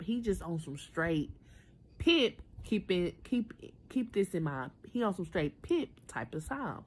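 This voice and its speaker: A woman in her twenties telling a personal story in a chatty, animated storytime style, talking straight to her viewers. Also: on the low side, normal speed. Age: 20s. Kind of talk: casual storytime.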